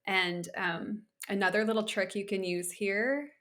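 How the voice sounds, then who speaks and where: A woman's voice: medium pitch, unhurried, a bit bright. Candid woman co-hosting a podcast. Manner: candid, conversational, many filler likes. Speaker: podcast co-host. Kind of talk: casual chat.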